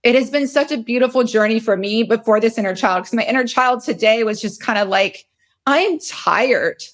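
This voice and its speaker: A woman's voice: on the high side, brisk. A woman in her forties hosting a podcast, telling a personal story in a candid, emotional, rambling way, and sounding very tired. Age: 40s. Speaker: podcast host.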